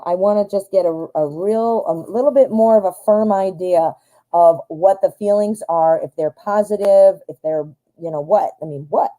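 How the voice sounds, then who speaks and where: A woman's voice: on the low side, mellow, rough recording. Chatty woman reading tarot live. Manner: chatty, upbeat, talks straight to viewers. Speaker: tarot reader, live show host.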